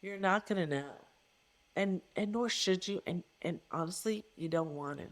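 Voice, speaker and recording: A woman's voice: on the low side, normal speed. Earnest, emphatic middle-aged woman. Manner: earnest and emphatic, with repeated phrases. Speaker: podcast guest, coach. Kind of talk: reflective interview conversation.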